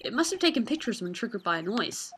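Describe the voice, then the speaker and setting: A woman's voice: a little high, sing-song, fast talker, fairly bright tone, a little hiss or hum. A woman voicing a meek young male lawyer who stammers and hesitates, in a fan game dub.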